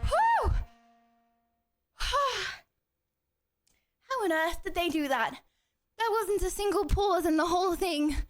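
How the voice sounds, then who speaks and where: Very high-voiced giggly woman streamer. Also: moderate pace. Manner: bubbly, giggly, talks to chat directly. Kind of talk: casual live stream chat. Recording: music playing loudly behind. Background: loud karaoke music.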